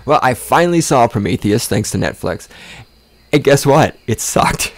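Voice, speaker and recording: A man of middle pitch hosts a podcast in a loose, profane rant. He is sarcastic and stumbles over repeated words as he gets fired up. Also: animated, normal speed. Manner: sarcastic, swears often, mocks with exaggerated voices; repeats words and restarts when worked up. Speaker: podcast host.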